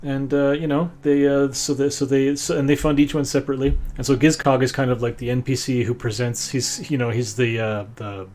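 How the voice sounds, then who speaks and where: A man's voice: medium pitch, steady tone, brisk, hardly any pauses, darkish tone. A man running a tabletop game as game master, rambling and stopping often to find his words. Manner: rambling, many fillers and restarts.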